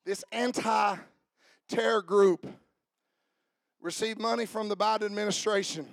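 A man preaching a sermon, swinging from shouted fiery passages to quiet asides. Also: high-pitched, steady tone, a little slow, no room sound, studio quality. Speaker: pastor.

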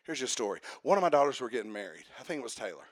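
A middle-aged man preaching a sermon. He swings from shouted, sing-song preaching to hushed, chatty storytelling. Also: mid-range voice, sing-song, rapid-fire, dry recording. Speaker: pastor.

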